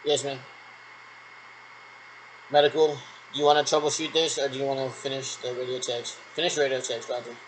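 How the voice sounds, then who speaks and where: A vlogger rambles through pretend radio checks in a solo role-play, talking to imagined callers and saying "actually" again and again. His mid-range voice is brisk with little pitch movement and frequent pauses, on a low-quality recording with a little hiss or hum.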